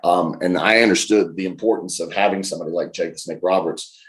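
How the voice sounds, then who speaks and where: A man in his forties, an interview guest, telling lively anecdotes in a casual way and acting out the quotes. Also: sits low, fast. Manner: lively anecdotal storyteller, laughs and acts out quotes. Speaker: professional wrestler, interview guest. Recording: roomy echo.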